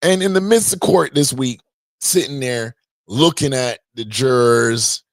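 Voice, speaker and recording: A man's voice: mid-range voice, unhurried, no room sound. A man hosting a livestream podcast from a home podcast room, chatting loosely and jokingly with slang. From Canada. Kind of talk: casual livestream chat.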